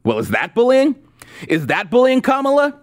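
Male host, high and lively pitch, snarky political commentary. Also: normal speed. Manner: sarcastic, mocking. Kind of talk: political commentary with a sponsor read.

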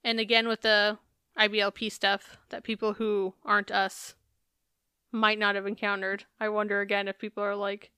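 A woman's voice: mid-range voice, completely flat delivery, normal speed, pushed and bright, clear, resonant tone, no echo, clean studio sound. A woman co-hosting a podcast, recapping a reality show in casual, chatty talk with some swearing. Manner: chatty, profane, laughs while recapping. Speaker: podcast co-host.

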